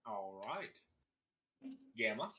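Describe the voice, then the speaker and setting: A man as game master, excited, talking with many fillers. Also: on the low side, extremely slow. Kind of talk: running a tabletop game over video call.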